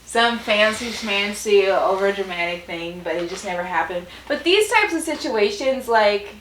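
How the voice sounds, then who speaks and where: A woman's voice: medium pitch, animated, moderate pace, fairly bright tone, a little hiss or hum. A woman telling a story in casual chat with her partner, laughing often and talking with lots of fillers. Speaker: vlog co-host. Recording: roomy echo.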